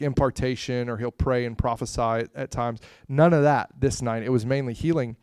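A man telling a rambling personal story in a casual way, acting out scenes with sudden loud bursts. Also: medium pitch, clean tone, no echo, clean studio sound. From Florida, USA. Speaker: speaker sharing a testimony.

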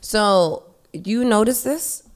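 A woman from the Bronx with a New York accent, hosting a casual podcast chat in a playful, animated way and laughing often. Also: mid-range voice, slow pace. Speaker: podcast host.

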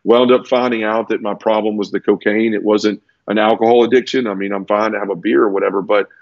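A man's voice: lowish voice, steady tone, fast, gravelly, no echo, muffled recording. A man earnestly telling his personal conversion story in a conversational interview, tumbling through it with restarts. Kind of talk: conversational testimony.

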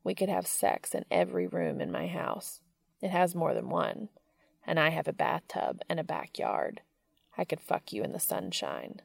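Intense male writer read by a woman, low pitch, gravelly, earnest. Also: moderate pace, no echo, clean studio sound, full character voice. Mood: tender.

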